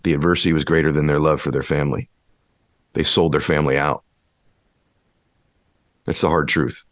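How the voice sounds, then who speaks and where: A man's voice: rumbling low, fairly even intonation, moderate pace, no echo, studio quality. A man giving a motivational speech, driving his point home with emphatic, repeated rhetorical questions. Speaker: motivational speaker.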